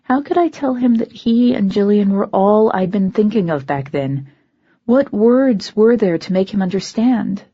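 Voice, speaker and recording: Brief: woman audiobook narrator, first person, husky low voice, dull lo-fi audio. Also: animated, a little slow, warm tone, no echo.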